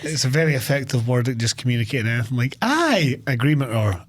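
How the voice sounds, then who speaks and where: A man co-hosting a podcast, talking in a sarcastic, animated way with lots of swearing. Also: medium pitch, rapid-fire. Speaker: podcast co-host. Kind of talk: casual chat.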